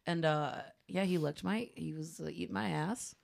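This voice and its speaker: Podcast co-host, woman, lowish gravelly voice, giggly, high. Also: moderate pace. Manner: loose, giggly storytelling. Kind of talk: casual chat.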